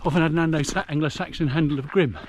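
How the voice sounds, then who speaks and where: A man's voice: on the high side, steady tone, rapid-fire. A middle-aged man giving a chatty, explanatory commentary while running a muddy rural trail. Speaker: vlogger. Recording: noisy outdoor recording.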